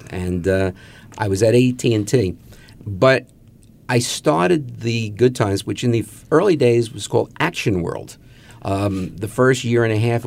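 A man's voice: fairly low pitch, creaky, darkish tone. Older man telling wry stories. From Queens, New York. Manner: anecdotal, wry, acts out quotes. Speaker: magazine publisher, guest. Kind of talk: storytelling in a radio interview.

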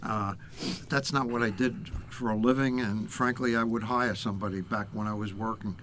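A man's voice: fairly low pitch, steady tone, normal speed, a bit bright. Older guy hosting, chatty, kinda stumbles on words, faint noise behind. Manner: conversational, repeats words as he thinks. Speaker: host. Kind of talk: casual talk show chat.

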